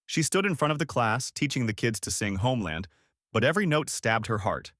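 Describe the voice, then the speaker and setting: Brief: male storyteller, lively dramatic delivery, dry close sound. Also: mid-range voice, fairly quick, dry recording. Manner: dramatic, emotional. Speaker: narrator. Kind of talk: first-person storytelling narration.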